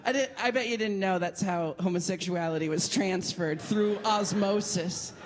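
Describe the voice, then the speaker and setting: A woman's voice: medium pitch, moderate pace. Camp woman doing stand-up before a crowd. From Portland, Oregon. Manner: camp, theatrical, bursts into shouted rants. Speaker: stand-up comedian. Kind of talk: stand-up comedy set. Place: comedy venue with a laughing audience. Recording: live stage mic, audience noise.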